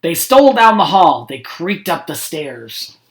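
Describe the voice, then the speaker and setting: A man's voice: on the high side, sing-song, measured pace. Man reading picture books aloud. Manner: friendly, chatty asides between read passages. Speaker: school principal.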